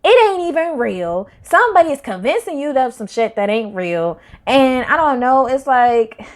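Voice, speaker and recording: Her voice sits high and her pitch swings widely as this tarot reader talks at an ordinary pace through a casual spiritual reading to camera. She's full of slang, wanders in her remarks, and shifts from loud to soft.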